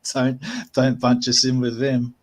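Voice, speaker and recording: A man's voice: medium pitch, monotone, takes it slowly, a little mellow. A man from New Zealand, a guest on a live chat panel, talking in a dry, polite, wry way. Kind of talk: casual chat.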